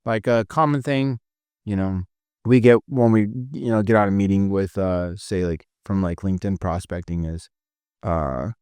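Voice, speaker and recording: A male sales coach with a low voice talks through his lesson loosely and conversationally, full of fillers. The recording is close and dry. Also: steady tone, normal speed, a little mellow, smooth, dry recording. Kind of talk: casual teaching talk.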